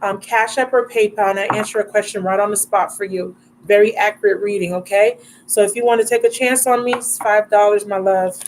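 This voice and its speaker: A woman's voice: medium pitch, fairly even intonation, fairly quick, slight background noise, rough recording. Affectionate woman tarot reader, live stream. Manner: affectionate, calls viewers baby and love.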